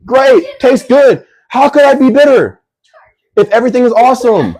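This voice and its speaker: A man hosting a casual livestream Q&A. He is brash and hyped, full of slang, and now and then bursts into shouting. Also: high-pitched, breathy edge. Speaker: livestream host.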